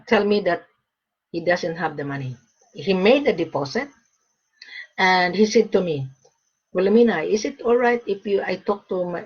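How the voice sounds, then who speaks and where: Speaking directly to the camera, this Australian gold and diamond broker hands out advice bluntly and emphatically, going back over her points again and again. Her voice is mid-range and slightly rough, captured in dull lo-fi audio.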